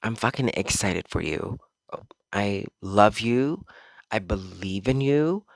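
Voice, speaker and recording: Guy doing his podcast from home, lowish voice, dry sound, rambles and swears a bit but means it. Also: expressive, slow pace, creaky, no room sound. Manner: rambling and earnest, with fillers and swearing. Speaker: podcast host and psychic medium. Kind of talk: casual motivational monologue. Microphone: small podcast microphone.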